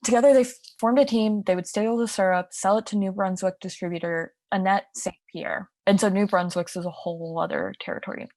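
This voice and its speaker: A woman's voice: mid-range voice, fairly even intonation, fairly quick, few pauses, a little mellow, no room sound, clean studio sound. A young woman co-hosting a podcast, telling a crime story in a casual, chatty way with asides and restarts. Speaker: podcast co-host.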